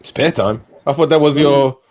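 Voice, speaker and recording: A man's voice: mid-range voice, normal speed, a little mellow, a little hiss or hum. A man chatting casually as a guest artist, playful and laughing easily. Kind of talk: casual video chat.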